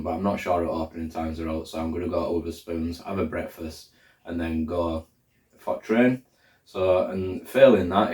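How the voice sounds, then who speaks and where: A deep-voiced man chats casually to camera, rambling and thinking aloud with lots of fillers. He sounds set back from the mic in an echoey room. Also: darkish tone, recorded from a distance. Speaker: hiker vlogger. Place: indoors, room where he is drying socks under a fan.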